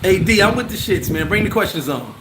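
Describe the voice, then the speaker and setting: A man with a high voice hosts a casual livestream. He answers chat comments in an animated, slangy way and laughs often. He is recorded in a roomy space with loud noise behind him. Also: a little fast. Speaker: channel host answering live chat. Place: bar.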